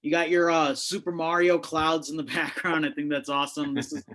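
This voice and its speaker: A man performs stand-up from his home over a video call, his voice sitting a little high. He punches out brash, swearing jokes in a quick rhythm. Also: level tone, fairly bright tone, poor audio. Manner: brash, punchy joke delivery with frequent swearing. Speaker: stand-up comic. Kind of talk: stand-up set at an online open mic. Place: home, indoors on carpet.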